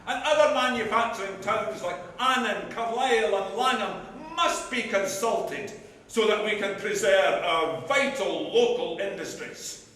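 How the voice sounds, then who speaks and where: A man's voice: high-pitched, unhurried, pushed and bright. A man playing a local businessman giving a formal address to a meeting on a live stage. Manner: formal, speech-making. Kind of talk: live amateur stage acting. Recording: echoey hall recording from far off.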